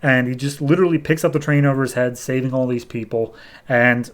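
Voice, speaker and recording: A man's voice: mid-range voice, fairly even intonation, fairly quick. Man casually recapping a comic. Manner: loose storytelling, paraphrasing characters in a plain voice. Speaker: podcast host.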